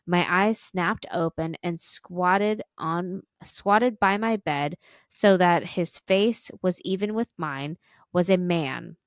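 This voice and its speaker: Low-voiced woman reading a story aloud. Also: takes it slowly, dry recording, studio quality. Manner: reads with small stumbles and restarts. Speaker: podcast co-host.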